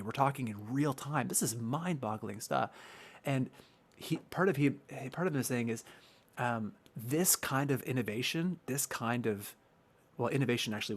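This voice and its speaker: A man's voice: medium pitch, a bit bright. A man hosting a podcast, talking loosely and joking with his guest over a video call, with many restarts. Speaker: podcast host.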